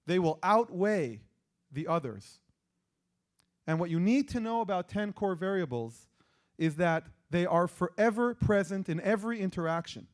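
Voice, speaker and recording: A man's voice: high voice, a little mellow. A man with an Israeli accent giving an interactive lecture and quizzing the audience with questions. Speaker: persuasion lecturer.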